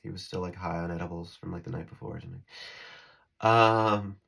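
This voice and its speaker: A man's voice: low-pitched, steady tone, brisk, vocal fry, fairly bright tone. A man talking to his phone camera in a rambling spiritual vlog, giggling and restarting his sentences as he drifts between topics. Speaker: spiritual vlogger.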